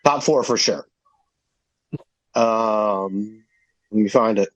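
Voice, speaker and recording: A man's voice: on the low side, slow pace, rough recording. A man on a podcast panel in casual chat, self-deprecating.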